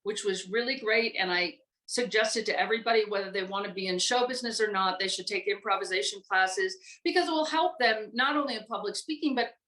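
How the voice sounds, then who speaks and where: An older American woman recalling her acting career in a relaxed, rambling chat full of fillers. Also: mid-range voice, a little fast, echoey room, low-quality recording. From United States. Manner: chatty, rambling with many fillers. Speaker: guest voice actress. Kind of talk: casual interview chat.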